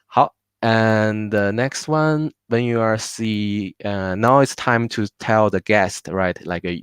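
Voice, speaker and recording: A man teaching a live online language class, patiently repeating words slowly for his learners. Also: on the low side, smooth, no echo.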